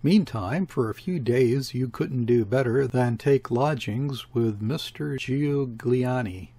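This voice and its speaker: A man voicing a placid, incurious shopkeeper's wife in an audiobook, asking quiet questions in a slightly raised voice. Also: mid-range voice, takes it slowly, breathy edge, no room sound. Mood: calm.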